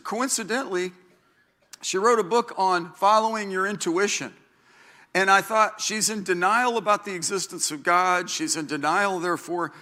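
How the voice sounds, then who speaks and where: A man in his sixties, a pastor, delivers a sermon in a bright, high voice. He talks in a chatty, animated way, acting out the voices in his stories with big jumps in pitch.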